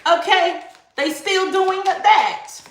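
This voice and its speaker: A woman's voice: extremely high pitch, drawn-out words, reverberant, a little hiss or hum. A woman giving a live-streamed tarot reading, emphatic and sassy, repeating phrases for emphasis. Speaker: tarot reader.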